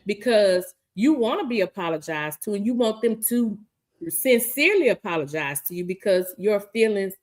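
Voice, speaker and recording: A woman's voice: medium pitch, expressive, normal speed, darkish tone. A woman co-hosting a casual talk stream, laughing often, repeating herself, and reading viewer comments aloud. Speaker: podcast co-host reading live chat. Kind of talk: casual chat.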